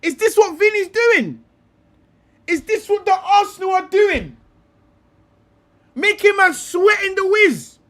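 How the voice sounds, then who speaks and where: A man hosts a live reaction stream, teasing and laughing as he riffs and repeats his lines. His voice sits very high and bright, swinging widely up and down, and he takes his time over each phrase. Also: expressive, slow, long pauses. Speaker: host reacting to a video.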